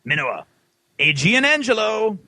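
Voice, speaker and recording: A man's voice: big pitch swings, moderate pace, vocal fry, sharp tone, no room sound, rough recording. A man hosting a tabletop gaming podcast, reading out trivia and playfully scolding the contestants. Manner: theatrical, booming mock-scolding announcements. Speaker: podcast host running a trivia quiz. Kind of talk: quiz host with dramatic read-out trivia.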